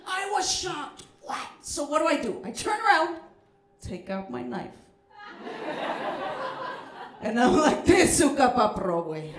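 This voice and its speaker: A Mexican American woman works a comedy club stage, her bright, high voice punching out jokes. She yells her punchlines and slips into Spanish. The sound bounces around a roomy, echoey venue. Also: very animated, moderate pace. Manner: brash, shouting punchlines, mixes in Spanish. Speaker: stand-up comedian. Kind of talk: stand-up comedy set.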